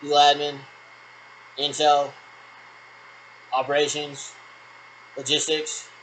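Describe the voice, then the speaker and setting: A man's voice: on the high side, completely flat delivery, takes it slowly, a bit bright, slight background noise, low-quality recording. A man talking through rambling radio checks, repeating military radio jargon in a meandering, one-sided way.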